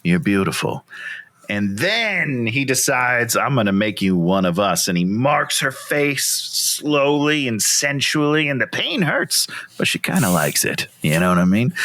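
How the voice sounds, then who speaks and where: A man recaps a film in casual comedic banter, laying on mock romance and sarcasm. His voice sits a bit high and sounds bright and pushed forward. He swings up and down in pitch as he tells the story. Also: gravelly. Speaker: podcast co-host.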